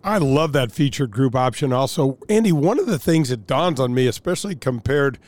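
A man's voice: medium pitch, animated, fairly quick, a little mellow. An older man co-hosting a golf podcast, chatting in an easygoing way with light chuckles. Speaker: podcast co-host. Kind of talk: casual chat.

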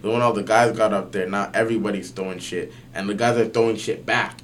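A young man, slightly low-voiced, chats on a podcast in loose slang, swearing and stacking fillers as he tells his story. His pitch leaps when the excitement builds. A faint hum sits under the recording. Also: fast talker. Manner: slangy, animated, swears often, many fillers. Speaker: podcast guest. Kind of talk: casual storytelling chat.

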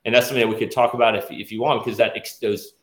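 A man's voice: on the low side, little pitch movement, rapid-fire, reverberant. A middle-aged man from the American South, an orthopedic surgeon interviewed as a guest, talking with many restarts and fillers. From Nashville, US South. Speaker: guest, orthopedic surgeon and task force chair. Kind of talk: interview conversation.

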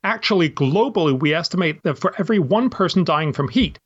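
A man's voice: fairly high pitch, lively intonation, fairly quick, breathy edge, dull audio. A man, an author and guest, explaining his view at length with examples and imagined quotes in an interview. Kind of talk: interview answer.

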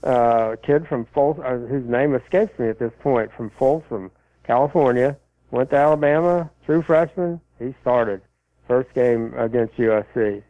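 Here a man loosely answers listeners' college football questions, halting and rambling with many fillers and false starts. He speaks in a mid-range voice over a tinny, dry phone connection.

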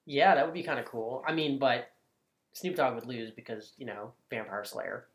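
A man's voice: medium pitch, moderate pace, a bit bright. A man co-hosting a comedy podcast in casual chat, sarcastic and teasing. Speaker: podcast co-host.

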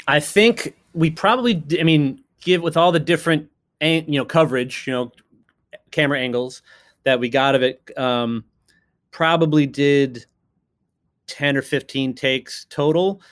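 A man's voice: fairly high pitch, unhurried, a bit bright. A man, a co-creator and writer of a TV series, talking casually in an interview, rambling with fillers and restarts and sometimes acting out other people's voices. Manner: acts out quoted voices of others.

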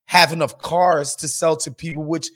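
Guy cohosting a podcast, kinda high voice, swears a lot, gets worked up. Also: normal speed. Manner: animated, profane, emphatic. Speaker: podcast co-host. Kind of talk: casual political chat.

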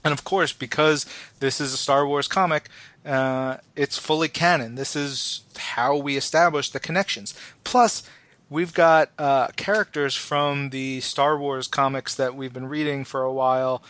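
Brief: excitable male podcast co-host, mid-pitched, chatty, lots of ums. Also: measured pace, no echo. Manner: enthusiastic, rambling with fillers. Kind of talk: casual chat.

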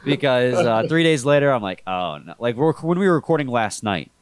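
A man with a head cold hosts a sports podcast, his voice congested and sitting at an ordinary middle pitch. He talks in a laid-back, rambling way, often restarting his sentences. The recording is dry and close, with no room sound. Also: a little fast, clean tone, no room sound. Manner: relaxed, rambling, self-correcting. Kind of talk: casual sports podcast chat.

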